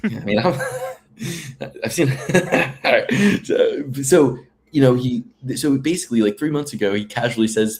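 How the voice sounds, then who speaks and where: A man's voice: mid-range voice, moderate pace, a little mellow. A man co-hosting a casual podcast chat, telling long rambling stories with fillers and restarts. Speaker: podcast co-host.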